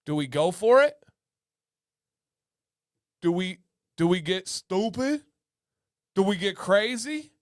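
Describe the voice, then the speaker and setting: Guy hosting a giveaway stream, kinda high voice, unhurried, goofy sing-song hype, reads chat out loud. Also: big pitch swings, no echo, studio quality. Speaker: livestream host. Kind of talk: hyped giveaway livestream chat.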